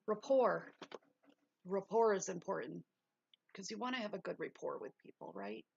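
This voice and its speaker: A woman's voice: medium pitch, animated, moderate pace, gravelly, dull audio, slight background noise. A woman hosting a casual livestream lesson, reading notes aloud and breaking off into chatty asides. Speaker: livestream host.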